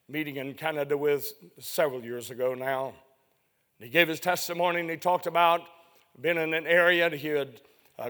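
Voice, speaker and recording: A man preaching a sermon, telling a story that climbs to loud emotional peaks and then falls low and hushed. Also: clean tone.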